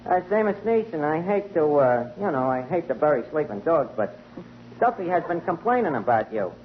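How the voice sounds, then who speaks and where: A fast-talking tavern manager with tough-guy slang and sloppy grammar. The voice sits high and leaps around in pitch. It comes through a tinny, hissing vintage radio broadcast. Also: sing-song. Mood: wisecracking. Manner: Brooklyn tough-guy slang with ungrammatical speech. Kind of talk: 1940s radio comedy acting.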